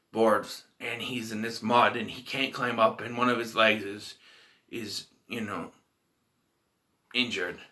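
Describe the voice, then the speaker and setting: Animated, bright-voiced male movie reviewer. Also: medium pitch. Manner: emotional, rambling, lively retelling. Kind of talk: casual movie review vlog.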